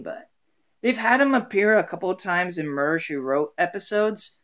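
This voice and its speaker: A man's voice: a little high, fairly bright tone. Rambling man musing on his own. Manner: rambling, many fillers and restarts. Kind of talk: casual solo talk.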